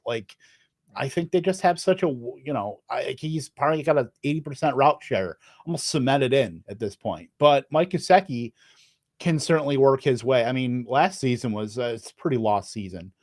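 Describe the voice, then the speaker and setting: A man's voice: medium pitch, a little mellow, no echo, studio quality. A man fantasy football analyst in a casual panel chat, rambling with frequent restarts. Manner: rambling, full of restarts and fillers.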